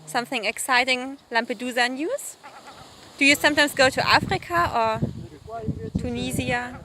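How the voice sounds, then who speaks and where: A woman's voice: high voice, normal speed. A woman with a playful, teasing, sing-song manner chatting to a seagull outdoors by the sea, with frequent giggles. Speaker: vlogger filming a seagull. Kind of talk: playful talk to an animal. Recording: noisy outdoor recording.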